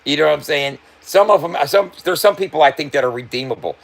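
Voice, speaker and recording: A man's voice: on the high side, animated, quick pace, gravelly. A man livestreaming and talking loosely to his chat, swearing freely and laughing often. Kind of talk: casual livestream banter.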